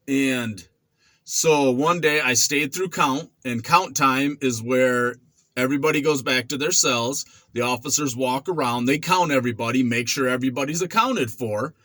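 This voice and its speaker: A man's voice: mid-range voice, dry recording. A man in his forties casually telling a story about his past, acting out voices and sound effects as he goes. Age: 40s. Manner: animated, acts out quotes and sound effects. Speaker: vlogger.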